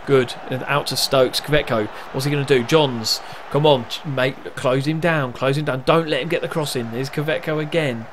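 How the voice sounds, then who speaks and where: A man's voice: medium pitch, normal speed, hardly any pauses, slight background noise. A young man casually commentating on his own football management game, narrating play and cheering on his team. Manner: chatty, narrates match events, erupts with excitement at goals.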